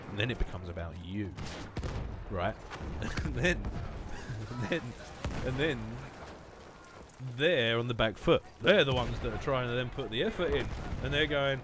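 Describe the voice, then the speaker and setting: A man's voice: mid-range voice, animated, a little slow, long pauses, noisy background. A young man hosting a gaming channel, rambling through joking, sarcastic commentary and laughing often. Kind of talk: casual gameplay commentary. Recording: clear game gunfire behind voice.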